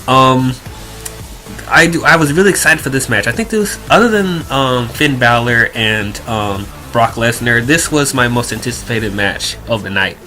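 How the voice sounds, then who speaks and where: A man's voice: mid-range voice, pushed and bright. A young man giving a rambling, exasperated review, full of fillers and restarts. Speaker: wrestling reviewer. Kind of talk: casual review rant.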